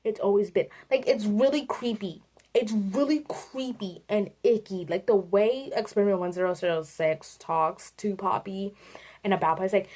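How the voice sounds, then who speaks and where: A woman giving a casual, animated rant about a video game to her viewers, swearing and addressing them directly. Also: mid-range voice, normal speed. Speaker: video creator.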